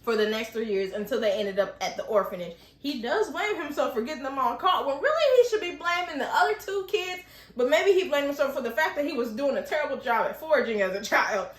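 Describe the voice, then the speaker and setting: A young woman recapping and reviewing a TV episode in a chatty, animated way, acting out the characters' lines with laughter. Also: high voice, a little fast. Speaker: TV show reviewer. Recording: echoey room.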